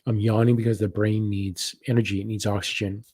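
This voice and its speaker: A man hosting a live spiritual practice session, reading viewer comments and describing what he senses in a slow, soft-spoken way. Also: lowish voice, little pitch movement, husky. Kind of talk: live guided meditation session.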